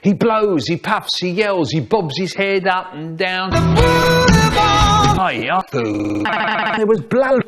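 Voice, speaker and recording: A man in his sixties telling stories in a chopped-up comedic remix, with an animated, exaggerated delivery. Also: high voice, takes it slowly, over loud music. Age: 60s. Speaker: storyteller. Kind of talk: spliced comedic storytelling remix.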